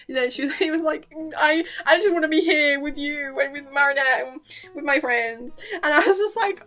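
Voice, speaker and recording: A woman casually recapping a cartoon episode in an excited, gushing way, swearing freely and squealing out the characters' lines. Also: high-pitched, a little fast, faint music behind. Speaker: vlogger reacting to a cartoon.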